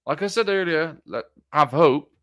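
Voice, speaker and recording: A man giving an earnest livestream monologue, halting and restarting as he talks. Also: on the high side, expressive, fairly bright tone, dry recording, studio quality. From Britain. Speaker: political streamer.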